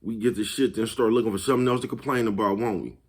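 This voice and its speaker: A man's voice: lowish voice, fairly even intonation, fast, husky. A man hosting his own vlog, talking casually and profanely, chuckling often and repeatedly asking whether you follow him. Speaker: vlog host. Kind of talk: casual motivational monologue.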